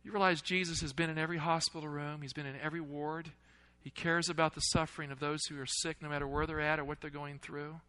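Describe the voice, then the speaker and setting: A man preaching a sermon, asking the congregation questions and swinging between loud, urgent lines and hushed ones. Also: on the high side, level tone, fast, hardly any pauses, poor audio. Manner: asks the audience questions.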